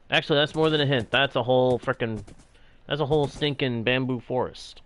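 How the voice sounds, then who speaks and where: A man with a mid-range, fairly bright voice and lively intonation comments casually on his own gameplay at a moderate pace. The gaming channel host is playful, jokingly grumbling to himself, with slight background noise.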